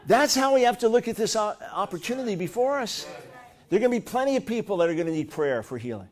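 Middle-aged male preacher, high voice, lively storyteller, punches up quoted lines. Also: fast. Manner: animated storytelling, rising to loud high-pitched bursts when acting out quotes. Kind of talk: sermon.

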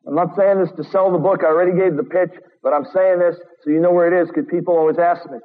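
A man's voice: high-pitched, fairly even intonation, fast talker. A man preaching a sermon in an earnest, urgent way, reading quotes aloud and adding sarcastic asides. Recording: tinny phone-like radio broadcast from a long-reverb hall.

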